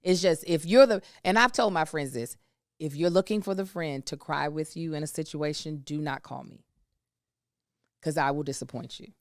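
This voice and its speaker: Woman, 30s, podcast co-host, low smooth voice, dry sound, frank storyteller. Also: moderate pace, no room sound. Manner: candid, emphatic storyteller. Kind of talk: casual chat.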